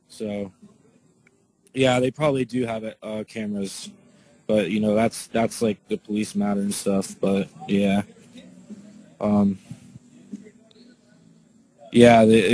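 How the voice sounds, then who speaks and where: Man haltingly recounting what he witnessed. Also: fairly low pitch, flat delivery, a little mellow, breathy edge, poor audio. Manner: halting, filler-heavy, lots of "like" and restarts; reads out and answers viewer questions. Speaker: eyewitness. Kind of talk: casual spoken account to viewers.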